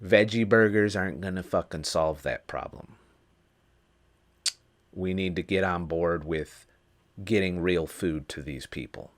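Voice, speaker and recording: A man's voice: low voice, unhurried, pauses often. Profane, ranting man vlogger. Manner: profane, heated ranting with mocking mimicry. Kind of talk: ranting opinion vlog. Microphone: camera mic.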